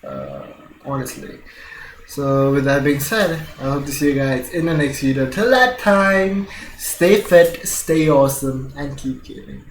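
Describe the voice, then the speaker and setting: A man's voice: medium pitch, very animated, a little slow, a little hiss or hum. A young man from India, vlogging casually about his week, laughing often and swearing freely in a loose, rambling way. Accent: Indian English with British-leaning vowels. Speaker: gaming channel vlogger. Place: home room, recording near a window. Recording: echoey room with faint music.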